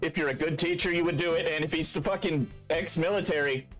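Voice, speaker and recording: A man's voice: on the high side, fairly quick, fairly bright tone, faint music behind. A man who runs the game, chatting casually with his players, joking and swearing freely. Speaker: game master. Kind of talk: casual chat.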